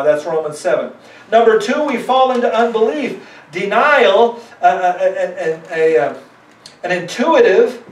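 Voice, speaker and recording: A high-voiced man preaches as a pastor, talking to his congregation in a loose, conversational way and slipping into quoted voices to make his points. He is recorded from a distance in a roomy, echoing church. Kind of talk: sermon. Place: church sanctuary.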